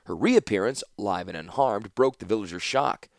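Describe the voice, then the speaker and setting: Low-voiced, expressive male audiobook narrator. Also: moderate pace, creaky, no room sound, studio quality. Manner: expressive, dramatic storytelling.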